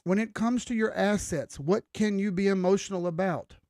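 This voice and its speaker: A man's voice: high-pitched, normal speed, a little mellow, no room sound, clean studio sound. A young man hosting a crypto trading livestream, giving an emphatic, preachy, blunt pep talk with casual swearing.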